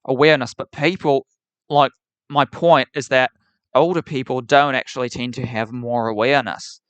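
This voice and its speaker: A man's voice: mid-range voice, fairly even intonation, moderate pace, a bit bright, smooth, no room sound. A male streamer talking opinionatedly on a live stream, putting on a New Zealand accent, repeating and restarting words while he answers chat. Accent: put-on New Zealand.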